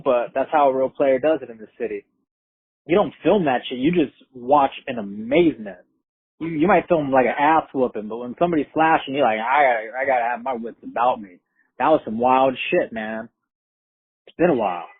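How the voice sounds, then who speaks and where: A man telling a story in a profane, streetwise, animated way. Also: mid-range voice, breathy edge, dry recording. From Brooklyn, New York. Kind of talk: casual spoken storytelling. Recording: tinny phone-like line, dry.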